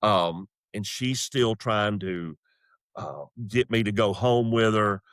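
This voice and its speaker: A man's voice: fairly low pitch, takes it slowly, smooth, no room sound, clean studio sound. A middle-aged man with a Southern accent, a comedian casually telling a story. He moves in and out of quoted voices as he talks. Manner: animated, acts out voices and quotes. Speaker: comedian guest.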